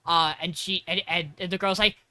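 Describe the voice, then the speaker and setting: A woman co-hosting a podcast retells scenes with a deadpan dryness. Her voice has a bright, sharp edge, and her delivery stays casual and conversational. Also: fairly low pitch, normal speed. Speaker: podcast co-host. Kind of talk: casual recap chat.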